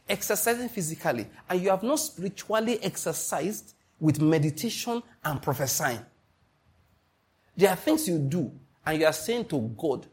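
A man's voice: on the high side, breathy edge. A man preaching a sermon as pastor, stressing points and asking the congregation questions. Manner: emphatic preaching with call-and-response questions.

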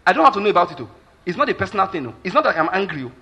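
Husky, forceful Nigerian pastor preaching. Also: male voice, high-pitched, racing, highs cut off. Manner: emphatic, keeps asking if listeners follow; animated with Nigerian Pidgin asides. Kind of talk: sermon.

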